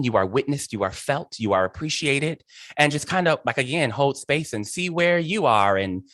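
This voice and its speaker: A man hosting an interview, gushing and emphatic, warmly effusive in his praise. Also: mid-range voice, no room sound, clean studio sound. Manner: gushing, emphatic, dotted with "child" and "honey". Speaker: host.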